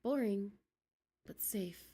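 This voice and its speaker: A woman's voice: medium pitch, slow, warm tone, husky. A woman streamer reading a game aloud, giggly and flustered, dropping into whispers as she reads.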